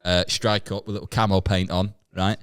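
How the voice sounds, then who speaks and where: A man with a lowish voice pitching a silly story on a podcast. He talks in a chatty way and keeps asking "right?" as he builds the scene. The delivery is loose and playful. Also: flat delivery, a little fast, fairly bright tone, clean tone. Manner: chatty, often checks with "right?". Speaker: podcast co-host. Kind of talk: improvised comedy chat.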